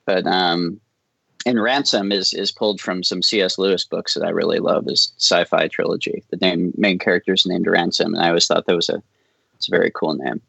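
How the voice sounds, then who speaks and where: Low gravelly guy rambling casually on a podcast, dry close sound. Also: a little fast, dry recording, low-quality recording. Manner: relaxed, rambling, laughs often. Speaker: film director guest.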